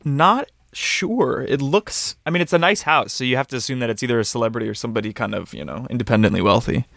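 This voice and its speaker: A man's voice: mid-range voice, quick pace, creaky, fairly bright tone. A man performing an improvised comedy scene as a meek, rambling tour guide.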